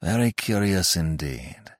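A man doing a calm, wry old doctor. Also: low voice, vocal fry, no echo, studio quality, heavily acted. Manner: soothing, unhurried, matter-of-fact.

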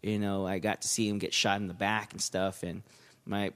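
A man's voice: on the low side, flat delivery, moderate pace, a bit bright. A man as a podcast guest in casual chat, talking candidly and swearing freely.

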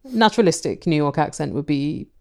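Deadpan woman, slightly low voice. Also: a little fast, gravelly. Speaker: podcast co-host. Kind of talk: casual chat.

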